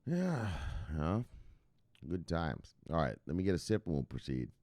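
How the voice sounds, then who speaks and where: A man hosting a crypto livestream from home, cursing freely, laughing often and shouting at his viewers. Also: deep voice, huge pitch swings, normal speed, dry recording. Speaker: crypto news host. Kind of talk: casual livestream rant.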